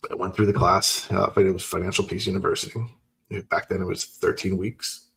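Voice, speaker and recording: Male host, low gravelly voice, animated personal storyteller. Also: brisk, a little hiss or hum. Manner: animated storyteller acting out dialogue. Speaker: podcast host. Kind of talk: personal story told casually.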